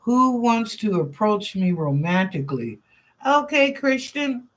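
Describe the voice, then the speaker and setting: A woman hosts a live psychic reading show and answers viewers' questions one by one. She talks slowly and casually, thinks out loud and repeats herself as the answers come to her. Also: medium pitch, very animated. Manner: chatty and informal, thinks aloud, repeats phrases. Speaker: psychic reader and show host.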